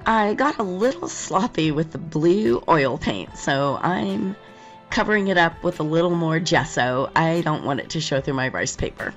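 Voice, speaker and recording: A hoarse woman with a lingering cold gives a friendly, step-by-step craft tutorial in voice-over. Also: deep voice, lively intonation, normal speed, lo-fi sound, faint music behind. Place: home, filming in Las Vegas.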